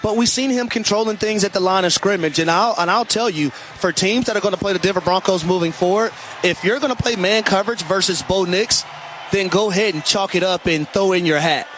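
High-voiced emphatic football analyst man. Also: brisk, fairly bright tone, slight background noise. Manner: emphatic, conversational breakdown. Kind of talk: radio sports commentary.

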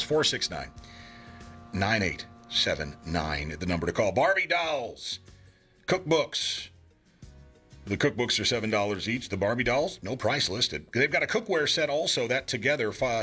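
A man's voice: mid-range voice, expressive, normal speed, sharp tone, breathy edge, faint music behind. Joking man hosting a radio swap show. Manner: joking, reads listings aloud. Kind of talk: casual radio swap-shop chat.

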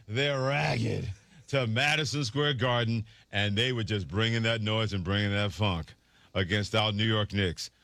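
A man's voice: on the low side, a bit bright, dry recording. A man hosting a sports radio show, delivering a sarcastic, theatrical monologue.

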